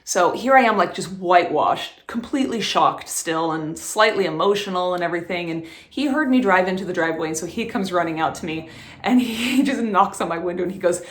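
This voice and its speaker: A woman in her thirties chatting to camera in a vlog, telling stories quickly and laughing often. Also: fairly low pitch, roomy sound. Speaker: vlogger. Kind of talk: casual chat to camera.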